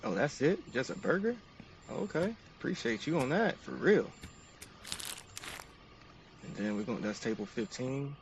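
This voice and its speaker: A man's voice: medium pitch, expressive, normal speed, long pauses, recorded from a distance, dull audio, a little hiss or hum. A man narrating each step of a game to his stream chat in an upbeat, casual way.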